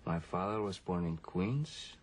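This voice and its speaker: A formal, grandiose young lover in a film, speaking English with a Castilian tinge. His low voice carries a faint room ambience. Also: expressive, a little slow, slight background noise. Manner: formal, theatrical, self-assured. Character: young man posing as a legendary lover, grandiose.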